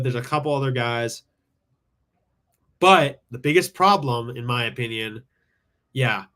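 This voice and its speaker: A man's voice: medium pitch, fairly bright tone. A man hosting a live call-in sports show, rambling through his takes with lots of "like" and restarts. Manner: rambling, thinks aloud with many "like"s. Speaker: sports talk show host. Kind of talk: casual live sports talk. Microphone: streaming from home with screen share.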